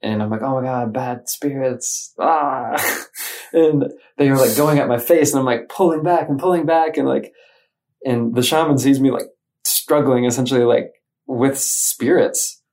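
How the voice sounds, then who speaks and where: Man from Michigan, interview guest, lively storyteller who voices his own thoughts; mid-pitched, casual. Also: moderate pace. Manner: animated, acts out his own inner voices.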